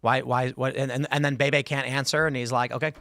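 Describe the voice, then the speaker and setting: A man hosting a political panel chat, talking quickly with restarts and laughs. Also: medium pitch, level tone, pushed and bright, dry recording, clean studio sound. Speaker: host.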